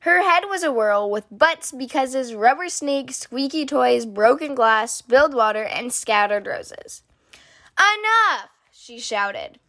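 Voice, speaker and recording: A woman reading a children's picture book aloud in an expressive, sing-song storytelling manner. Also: high-pitched, a little slow, few pauses, dry recording, studio quality. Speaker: storybook reader.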